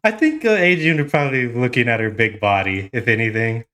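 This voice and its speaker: A man's voice: medium pitch, quick pace, sharp tone. A man playing in a tabletop game, joking and teasing in casual banter. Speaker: player.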